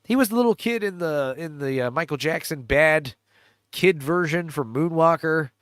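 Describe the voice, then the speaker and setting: A man's voice: on the high side, normal speed, fairly bright tone, dry recording, studio quality. A man hosting a casual movie riff, rambling with lots of fillers and laughs, cracking crude jokes. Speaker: podcast host riffing on a movie trailer. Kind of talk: casual chat.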